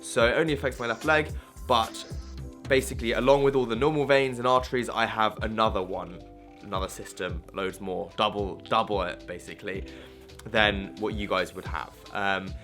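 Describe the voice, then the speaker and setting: A man's voice: on the low side, fairly even intonation, normal speed, a bit bright, soft background music. Candid young man, rambling talk to camera. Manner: candid, rambling with frequent restarts and fillers. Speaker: vlogger.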